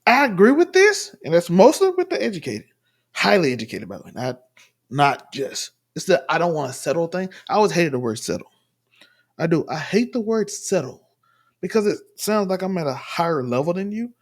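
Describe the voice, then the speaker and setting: A man's voice: a little high, big pitch swings, a little fast. A man from the Southern US giving rambling, emphatic casual commentary while reacting to a clip at home. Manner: rambling, emphatic, restarts often. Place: home room.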